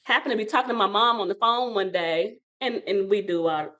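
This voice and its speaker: A woman who owns a childcare center, guesting on an interview and telling her story in an animated, rambling way, with frequent restarts. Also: medium pitch, a little fast, muffled recording.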